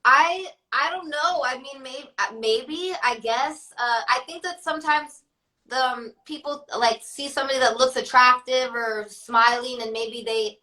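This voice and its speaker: A woman's voice: a little high, sharp tone, low-quality recording. A woman rapper chatting casually as an interview guest, filling her talk with "like" and easy laughs. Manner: chatty, heavy on fillers and laughter.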